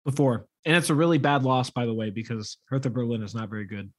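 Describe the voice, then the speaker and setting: A man co-hosting a casual soccer podcast, talking in an emphatic, opinionated way. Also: mid-range voice. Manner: emphatic, opinionated, quick to laugh at the league. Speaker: podcast co-host.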